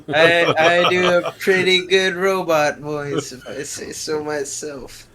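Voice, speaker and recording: A man's voice: on the high side, fairly even intonation, takes it slowly, pushed and bright. A man playing in a tabletop game, joking and playful with the others. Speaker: player.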